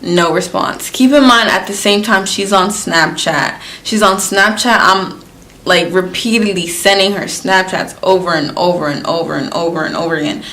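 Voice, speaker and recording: A woman's voice: fairly low pitch, normal speed, a bit bright. Young woman venting a storytime, slangy and fired up, roomy echo around her. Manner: chatty and slangy, worked up. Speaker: vlogger. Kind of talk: storytime vlog. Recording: echoey room.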